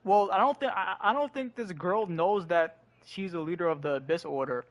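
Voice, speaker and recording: A young man streams a video game with a high-pitched voice at a moderate pace, offering casual commentary. He talks in a relaxed, slangy way and restarts often, with game audio and music playing behind him.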